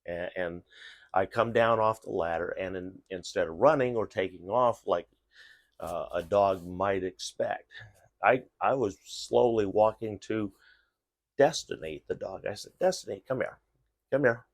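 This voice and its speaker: A man's voice: sits low, unhurried, gravelly, dry recording. A middle-aged man casually telling a rambling story while giving tips, with frequent restarts and fillers. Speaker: vlogger giving dog safety tips.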